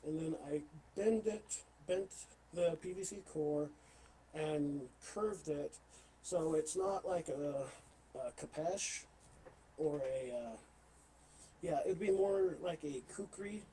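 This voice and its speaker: A man talking as a podcast guest in casual chat, halting, with many fillers and restarts. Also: on the high side, warm tone, slight background noise, poor audio. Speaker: interview guest, LARP player.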